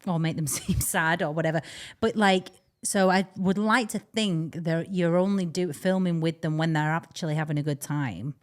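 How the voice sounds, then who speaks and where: A woman's voice: lowish voice, normal speed. A young woman hosting a podcast, chatting casually and rambling with frequent laughs. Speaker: podcast host. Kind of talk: casual chat.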